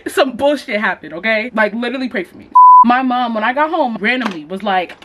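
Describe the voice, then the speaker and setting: A woman's voice: a little high, lively intonation, a little fast, very noisy. A young woman telling a story in a casual, slangy and profane chat to her viewers. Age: young adult. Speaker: vlogger.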